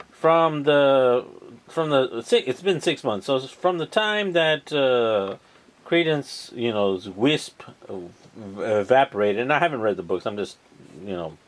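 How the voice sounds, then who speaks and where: A man casually retelling a film plot, rambling with lots of ums and uhs and the odd swear word. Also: mid-range voice. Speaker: vlogger.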